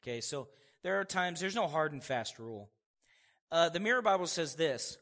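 A male pastor preaching a sermon in a church, conversational and animated, with frequent chuckles between points. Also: a little high, moderate pace. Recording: long hall reverb.

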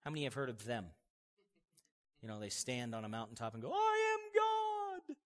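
A male pastor preaching a sermon in a church, conversational and animated, with frequent chuckles between points. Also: medium pitch, quick pace. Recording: long hall reverb.

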